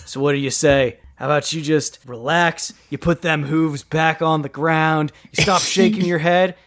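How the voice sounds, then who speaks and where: A man's voice: a little high, fairly even intonation, normal speed, a bit bright, natural voice. A man doing a rambling surfer-dude turtle. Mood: goofy. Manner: drawling, rambling, says "dude" constantly. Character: laid-back surfer-dude teenage turtle, male.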